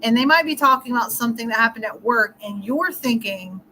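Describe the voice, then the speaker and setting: A middle-aged woman talks through relationship advice in a relaxed interview, piling on examples and laughing easily. Her voice is bright and a touch high. A faint hiss of noise sits under the recording. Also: a little fast, hardly any pauses, rough recording. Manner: chatty, explains with scenarios and laughs often. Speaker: relationship coach. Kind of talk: casual interview talk.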